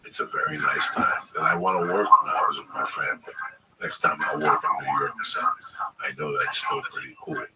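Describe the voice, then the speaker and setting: A man's voice: extremely low pitch, fairly even intonation, fairly quick. A middle-aged man, a comedian and host, in casual chat, telling rambling, profanity-laced stories and putting on voices for others. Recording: distant mic with loud background noise.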